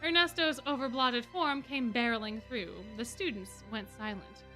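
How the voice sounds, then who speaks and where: A woman streamer reading fan fiction aloud in an expressive way. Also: fairly high pitch, normal speed, soft background music. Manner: expressive, laughing asides.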